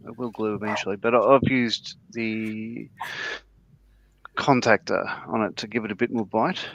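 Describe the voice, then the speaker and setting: A man with a middle-pitched voice talks through his model build on a relaxed livestream, poking fun at his own slips. His audio sounds dull and lo-fi, dry and close. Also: no room sound. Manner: self-deprecating, explains his build steps. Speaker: co-host building a model kit. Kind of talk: casual livestream chat while model building.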